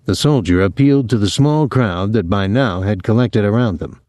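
A man's voice: lowish voice, moderate pace, a little mellow, no room sound, studio quality. A man reading a novel aloud as an audiobook narrator, giving each character a voice.

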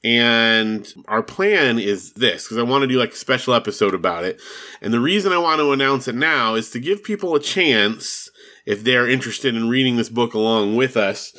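A man co-hosting a podcast in relaxed, chatty conversation, often laughing. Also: medium pitch, moderate pace. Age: adult with children. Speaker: podcast co-host. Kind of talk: casual chat.

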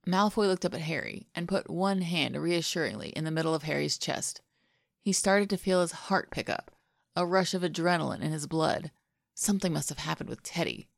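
A woman reads fan fiction aloud in a soft, intimate way. Her voice is low with a gravelly fry. The recording is close and dry, with no room sound. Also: lively intonation, brisk, no echo. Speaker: podfic reader. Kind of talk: fan fiction audiobook narration.

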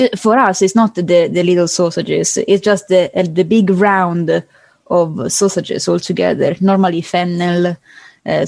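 A woman's voice: lowish voice, darkish tone, no room sound. A woman, a guest on a podcast, talking chattily with hesitant restarts and fillers. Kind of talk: casual conversation.

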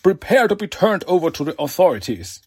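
A man's voice: sits high, sing-song, fairly quick, slightly rough, no room sound, clean studio sound, full character voice. Man doing an earnest heroic turtle leader.

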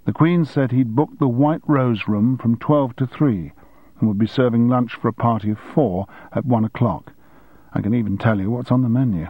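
A man voicing an efficient young woman assistant who reports facts briskly and precisely. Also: medium pitch, no room sound, narrow, tinny audio, natural voice. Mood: matter-of-fact.

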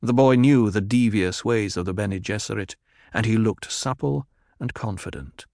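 A man narrating an audiobook in a steady, even reading. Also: lowish voice, normal speed, creaky, no echo, clean studio sound.

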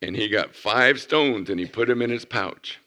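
A man preaching, a pastor telling a lively story to children in church and asking them questions. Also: medium pitch, normal speed. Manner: animated storyteller, asks the kids questions.

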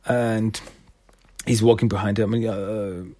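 A man's voice: on the low side, unhurried, pauses often, a little mellow, slightly rough. A man casually recapping a comic issue, rambling and loose with many fillers. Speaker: comic reviewer.

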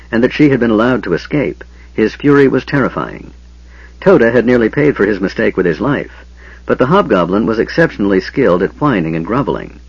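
A man narrating a fantasy novel as an audiobook reader, with expressive, varied delivery. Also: fairly low pitch, husky, no echo. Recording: dull lo-fi audio, dry.

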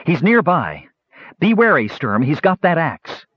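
A man voicing a tough young woman warrior, who speaks in a terse, sharp way. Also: on the high side, big pitch swings, unhurried, husky, no echo, voice pushed up, full character voice. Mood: tense. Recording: slightly dull lo-fi recording.

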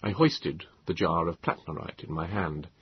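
A man narrating an audiobook in first person, with a measured storytelling delivery. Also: sits low, slightly rough, dry recording. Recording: dull lo-fi, dry.

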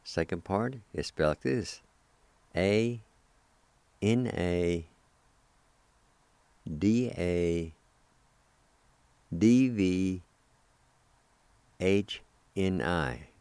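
A man's voice: sits low, expressive, dark tone, clean tone, no echo. A man hosting a radio language lesson who spells words and sounds them out syllable by syllable, patient and encouraging with his listeners. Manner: slow and careful, breaks words into syllables. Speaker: radio host teaching language vocabulary.

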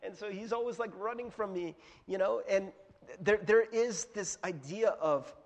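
A man's voice: sits high, normal speed, big-room sound. A man preaching a casual, chatty sermon as pastor, asking his small audience questions and laughing often. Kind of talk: conversational sermon. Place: church hall with a projector.

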